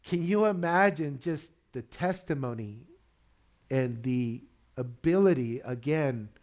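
A man's voice: medium pitch, darkish tone. Conversational man preaching a sermon. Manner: conversational preaching, chuckles, asks the room questions. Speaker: pastor.

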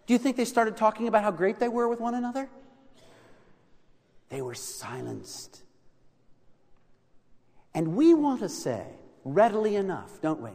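A man delivers a dramatic sermon. His high voice leaps and falls with lively range, and he swings from loud stresses to near-whispers. Long reverb from a church hall trails every word. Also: measured pace, gravelly, pauses often. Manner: dramatic preaching, swinging from loud emphasis to hushed lows. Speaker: preacher.

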